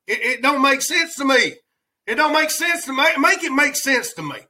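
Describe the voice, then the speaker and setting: A man's voice: very high voice, big pitch swings, moderate pace, pushed and bright, low-quality recording. A man hosting a podcast, giving rambling, heated political commentary in a colloquial way. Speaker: podcast host.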